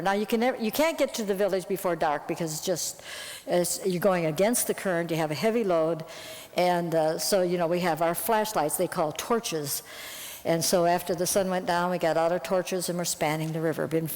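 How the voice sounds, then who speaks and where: A woman missionary telling a lively story to an audience, her voice jumping up when she recounts her anger. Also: on the low side, in a large hall. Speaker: missionary Bible translator.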